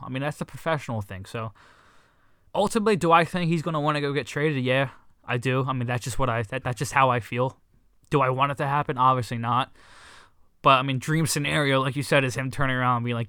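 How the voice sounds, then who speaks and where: A man co-hosting a casual sports podcast, talking excitedly with lots of swearing and restarts. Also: mid-range voice, quick pace, smooth, no room sound. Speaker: podcast co-host.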